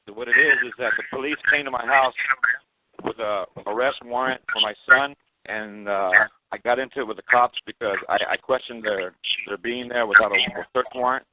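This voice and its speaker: A man calling into a radio show, explaining his situation in a halting way. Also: medium pitch, steady tone. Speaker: caller. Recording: noisy telephone line.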